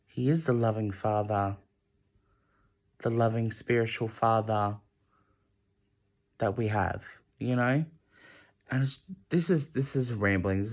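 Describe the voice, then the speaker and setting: A young man vlogging a late-night rambling monologue, emotional and halting, often restarting his sentences. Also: fairly low pitch. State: emotional, close to tears.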